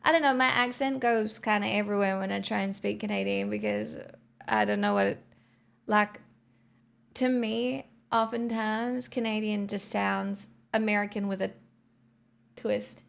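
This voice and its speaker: An Australian woman chats with her live stream audience in an easy, rambling way, peppering her talk with "like." She speaks slowly and unhurriedly. Her voice has a gravelly fry running through it. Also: mid-range voice, expressive. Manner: rambling, chatty, lots of "like" fillers. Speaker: live streamer chatting with viewers. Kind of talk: casual chat.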